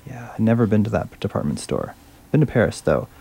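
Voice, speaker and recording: A man's voice: lowish voice, sing-song, a little fast, vocal fry, mellow, slightly rough. A male radio host chatting casually between songs, enthusiastic and fumbling a little over French words.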